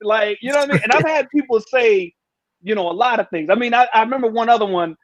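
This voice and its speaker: Chill high-voiced guy spinning funny stories, kinda dull lo-fi sound. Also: fast talker, no echo. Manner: laid-back slangy storytelling, acts out voices. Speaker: comedian guest. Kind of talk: casual storytelling chat.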